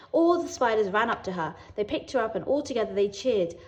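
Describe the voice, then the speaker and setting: Lively British woman reading a children's story. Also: fairly high pitch, fairly quick, hardly any pauses. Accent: British English. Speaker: teacher reading aloud. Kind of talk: children's story read-aloud.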